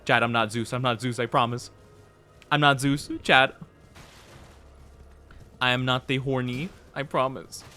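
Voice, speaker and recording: A man's voice: medium pitch, flat delivery, measured pace, pauses often, bright, forceful tone, soft background music. A man streaming a video game, chatting playfully with his viewers in a casual commentary style and laughing often. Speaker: VTuber streamer. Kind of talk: casual gaming commentary to chat.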